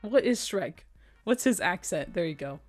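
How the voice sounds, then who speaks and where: A young American woman streaming live, talking with her chat in a loose, giggly way and often repeating herself for emphasis. Her voice sits a little low for a woman. Soft music plays faintly behind her. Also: lively intonation, moderate pace. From United States.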